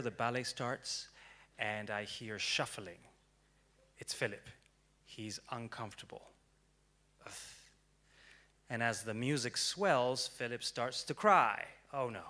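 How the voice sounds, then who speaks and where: A young man giving a prepared storytelling talk on stage, dramatic and swinging from hushed to loud. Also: mid-range voice, takes it slowly, long pauses. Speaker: speaker. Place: stage before an audience.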